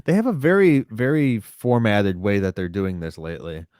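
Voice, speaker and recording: Joking, low-voiced man, dry sound. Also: moderate pace, darkish tone, smooth, no echo. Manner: chatty, joking, swears and laughs. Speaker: podcast co-host. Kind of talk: casual chat recapping a TV episode.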